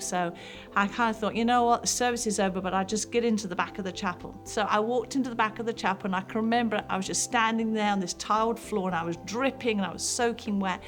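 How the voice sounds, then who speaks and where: Lady pastor, 50s, telling her story to mums, kinda high voice, faint music behind. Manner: earnest, storytelling, heartfelt. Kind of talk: personal testimony to mothers.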